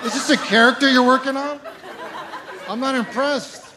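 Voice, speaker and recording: A man's voice: extremely high pitch, moderate pace, crowd noise. A young man from Ontario doing a stand-up comedy set, ranting in an incredulous, exasperated way with self-mocking asides. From Ontario, Canada.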